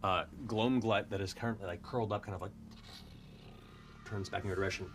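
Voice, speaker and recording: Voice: low voice, fairly even intonation, a little fast, a little hiss or hum. A game master narrating a tabletop scene casually, with many fillers.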